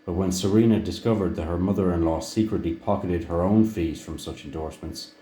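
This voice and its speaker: A man reading a book aloud in a measured way, now and then restarting a phrase. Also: deep voice, mellow, a little hiss or hum. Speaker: audiobook reader. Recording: echoey room.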